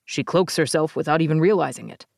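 An unflappable male henchman, voiced by a woman narrator who answers in an even, deadpan tone. His speech is low-key and blunt, never raised. Close, dry audiobook sound. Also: quick pace, creaky, dry recording. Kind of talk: audiobook character voice.

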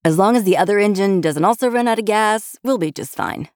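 A woman voicing a calm, teasing young husband and pilot in an offhand, patronizing way in an audiobook. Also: low voice, normal speed, no echo, studio quality. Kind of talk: audiobook character voice.

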